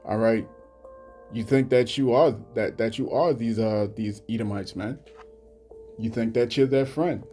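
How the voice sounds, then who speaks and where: Halting mellow-voiced man preaching. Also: medium pitch, soft background music. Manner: halting, repeats "you know what I'm saying". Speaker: religious commentator. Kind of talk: scripture commentary vlog.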